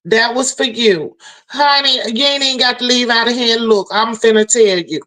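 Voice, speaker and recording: A woman's voice: on the high side, normal speed, sharp tone, low-quality recording. A woman hosting a livestream and telling her chat a story in a heated, profane rant, a little tipsy from drinking. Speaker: livestream host.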